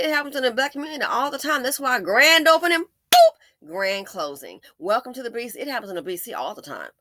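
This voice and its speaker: Sarcastic woman with a bright voice. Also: no echo. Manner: sarcastic and emphatic, with repeated jabs; shifts between loud stresses and low muttering. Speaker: commentary channel host. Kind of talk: opinion commentary.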